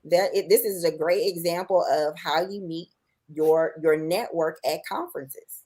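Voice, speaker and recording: A woman co-hosting a casual livestream, chiming in with friendly, quick remarks. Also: fairly low pitch, fairly even intonation, mellow. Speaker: co-host.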